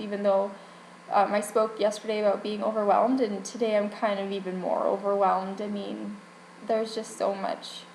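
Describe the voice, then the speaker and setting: A woman's voice: medium pitch, creaky, a little mellow, a little hiss or hum. A young woman vlogging candidly about her health, emotional and rambling, with frequent restarts and laughs. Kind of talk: personal health vlog. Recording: echoey room with faint ambience.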